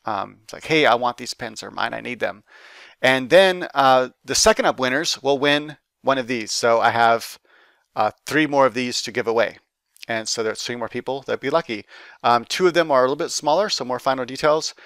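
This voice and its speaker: A man's voice: medium pitch, moderate pace, a bit bright, clean tone, dry recording. A man chatting casually to camera as an art teacher, upbeat and rambling with lots of fillers and restarts. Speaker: art teacher and YouTube host. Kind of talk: casual giveaway chat to camera.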